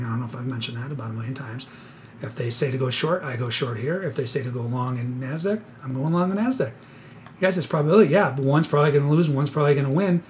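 A man giving live trading commentary on a webinar, excitable and sarcastic, rambling with self-corrections, a little out of breath. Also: mid-range voice, a little hiss or hum. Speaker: futures trader presenting a live webinar.

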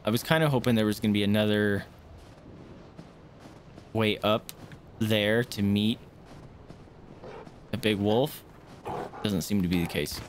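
A man with a fairly low voice streams a game at a measured pace, pausing often, with slight background noise. He chats casually with viewers, excitably yelping and swearing at the game.

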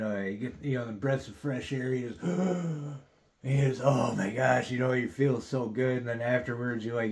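A man's voice: mid-range voice, darkish tone. Man, 30s, podcast host, rambling casual storytelling, constant swearing and "dude".

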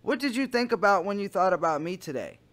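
A man playing a smarmy adult man sweet-talking online, with a slow, doting, syrupy delivery. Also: high-pitched, animated, fairly bright tone.

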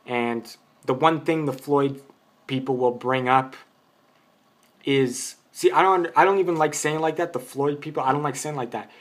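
At normal speed and in a mid-range voice, a boxing commentator shares an off-the-cuff take in his vlog. He makes his argument while drifting around and starting his sentences over.

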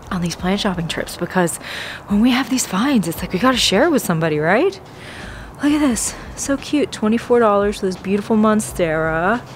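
A woman's voice: medium pitch, slight background noise. Gushing, breathless woman plant vlogger. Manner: gushing, gasping, whispering in awe. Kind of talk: excited shopping vlog. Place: big box store garden section.

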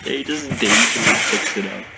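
A man's voice: medium pitch, moderate pace, gravelly. A young man casually commenting on his old videos, chatty and laughing, rambling through explanations with lots of fillers. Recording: noisy recording.

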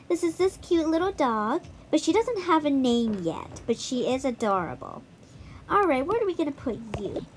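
A woman's voice: sits high, background noise. A woman giving a casual, chatty walkthrough of a mobile game, talking straight to her viewers. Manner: chatty, addresses viewers directly. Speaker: gaming YouTuber.

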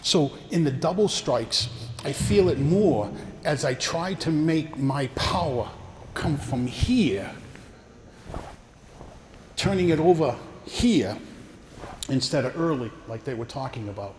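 A man's voice: fairly high pitch, lively intonation, slow, long pauses, darkish tone. Older man, karate teacher, coaching demonstrations, roomy reverberant hall, faint background hum. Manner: coaching, talks through demonstrations with partners. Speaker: karate instructor. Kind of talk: teaching a martial arts seminar. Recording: echoey hall with long reverb, faint ambience.

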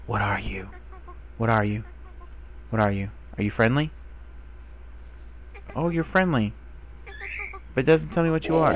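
A young man giving casual commentary while playing a video game, who talks to the animals he finds and gets excited, sometimes swearing. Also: mid-range voice, unhurried, long pauses. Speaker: gamer. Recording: faint background noise.

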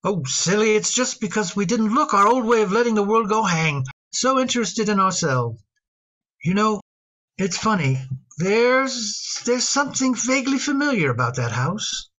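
A woman voicing a gentle, fond middle-aged father in a radio drama, hesitant and given to repeating words. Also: mid-range voice, lively intonation, moderate pace, low-quality recording. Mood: uneasy.

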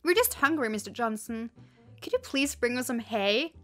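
A woman's voice: a little high, expressive, moderate pace, a bit bright, faint music behind. A woman reading a storybook cow, sassy, snippy and impatient. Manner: snippy, eye-rolling.

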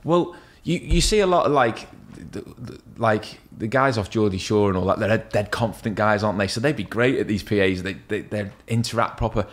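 A man's voice: on the low side, a little fast, few pauses. A man telling stories in casual podcast chat, swearing often and mimicking other people. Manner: animated, swearing, acts out other voices in anecdotes. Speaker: podcast guest, tattoo artist.

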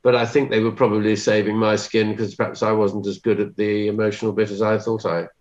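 A man, an actor being interviewed, telling self-deprecating anecdotes with lively quoted asides. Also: fairly low pitch, brisk, highs cut off.

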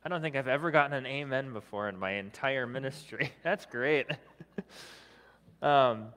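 A man preaching as a guest in a church sanctuary, keeping it conversational and light, tossing in "right?" at the end of his points. His voice sits at an ordinary middle pitch, and a long church reverb trails behind every phrase. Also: moderate pace, fairly bright tone. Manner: conversational, often adds "right?"; self-deprecating humor. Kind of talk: sermon.

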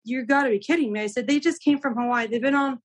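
A woman's voice: sits high, fast talker. Young woman telling a travel story. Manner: animated, acts out quoted dialogue, many "like"s. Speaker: guest. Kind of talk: casual storytelling.

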